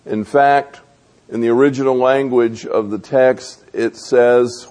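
A male preacher delivering a sermon at an unhurried pace. His voice sits in an ordinary middle register, and he works through a chain of rhetorical questions. He pauses often on small fillers between thoughts. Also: mid-range voice, level tone, dark tone.

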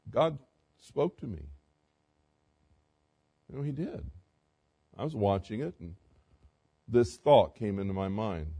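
Mellow-voiced man preaching a sermon. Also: deep voice. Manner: swings from loud emphatic preaching to quiet conversational asides; asks the congregation direct questions. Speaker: pastor.

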